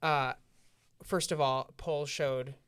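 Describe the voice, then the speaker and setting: A man co-hosting a podcast, giving measured analysis of politics in casual conversation. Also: mid-range voice, fairly even intonation, a bit bright, clean tone, dry recording. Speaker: podcast co-host.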